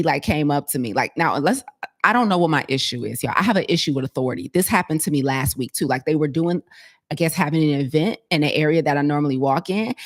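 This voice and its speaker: Woman health coach, low voice, casual chatty monologue. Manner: chatty, storytelling, laughs often.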